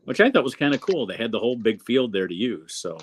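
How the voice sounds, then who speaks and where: A man's voice: mid-range voice, big pitch swings, fast talker, a little hiss or hum. Middle-aged male host, easygoing, rambling, medium voice. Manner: rambling, easygoing, many restarts. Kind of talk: casual chat.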